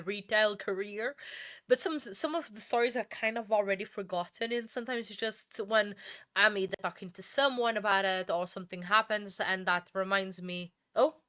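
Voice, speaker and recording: Woman, livestream host, bright voice, dry close sound, chatty with fillers. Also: mid-range voice, no echo. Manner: chatty, many fillers and restarts. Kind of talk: casual livestream chat.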